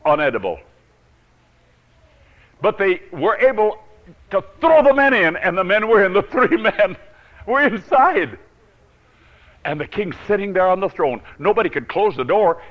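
In a dramatic sermon, a male preacher tells a Bible story, swinging between loud and hushed passages and chuckling often. His voice is high-pitched, and the recording sounds muffled.

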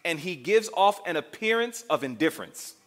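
A male preacher delivering a sermon with a high, lively voice that swoops up and down. He speaks dramatically and keeps checking in with his listeners through questions. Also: normal speed. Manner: dramatic, asks the congregation questions, acts out scenes.

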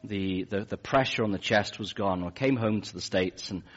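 A man's voice: lowish voice, moderate pace, fairly bright tone, highs cut off. A middle-aged man with an English accent, preaching a sermon and telling a personal story in a wry, conversational way with frequent restarts. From England.

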